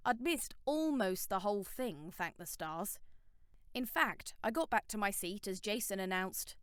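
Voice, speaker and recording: A woman narrating a teen novel audiobook in the first person, wry and expressive. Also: medium pitch, a little slow, smooth, dry recording, clean studio sound.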